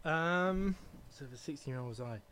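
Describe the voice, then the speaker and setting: A man's voice: on the high side, moderate pace, a little hiss or hum. A man in his thirties from England with a southern English accent, a guest chatting in an easy, hesitant way full of ums. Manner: relaxed, hesitant with many ums. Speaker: guest singer. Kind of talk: casual interview chat.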